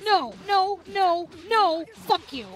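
Very high-voiced raging woman gamer. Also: expressive, slow. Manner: furious, swearing constantly. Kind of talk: let's play commentary.

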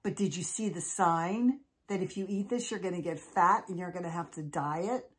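A woman voicing a pair of kindly witch sisters who scold gently. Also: fairly low pitch, moderate pace, lightly acted.

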